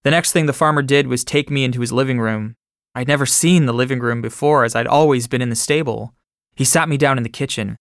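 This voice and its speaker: A man narrating his own memoir in steady first-person storytelling, recorded close to the mic. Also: mid-range voice, fast talker, no echo.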